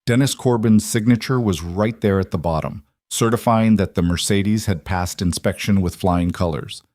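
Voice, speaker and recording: Low, dry male story narrator. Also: normal speed, darkish tone, dry recording.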